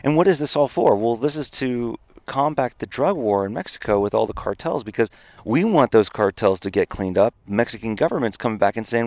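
A man, a podcast guest, casually telling a long, animated story and laughing at his own misadventure. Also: medium pitch, a little fast, dry recording. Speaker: podcast guest, company founder.

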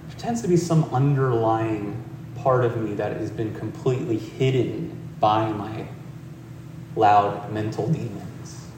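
Gentle man giving a talk in an echoey hall. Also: on the low side, slow, background noise. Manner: gentle, reflective, conversational. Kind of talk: dharma talk with storytelling. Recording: roomy hall, distant mic.

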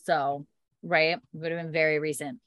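A woman's voice: low-pitched, flat delivery, normal speed, a bit bright, no room sound, clean studio sound. A woman casually recapping a TV episode as a podcast co-host, chatty and giggly, acting out the characters' lines. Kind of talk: casual chat.

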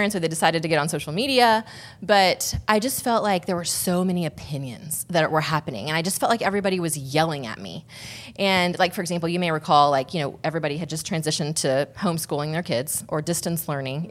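Rambling, low-voiced woman telling a story. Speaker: podcast guest. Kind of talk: casual personal story.

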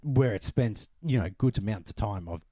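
Animated, rambling man co-hosting. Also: on the low side, normal speed, noisy background. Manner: animated, rambling, frequent "you know". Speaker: podcast co-host. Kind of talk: casual film discussion.

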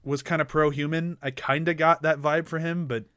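A man, chatting casually about a TV series as podcast co-host, relaxed and agreeable and laughing often. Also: a little high, normal speed, clear, resonant tone, no echo.

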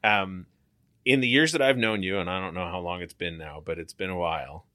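A man's voice: deep voice, a little fast, sharp tone, no room sound, studio quality. A man hosting a casual chat, talking in a reflective, wry way. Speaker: host.

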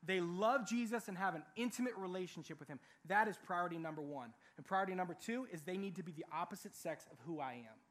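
A young man preaching a sermon in a lively, animated way, acting out what people say. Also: high voice, quick pace, few pauses. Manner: animated, acts out quoted voices. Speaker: youth pastor.

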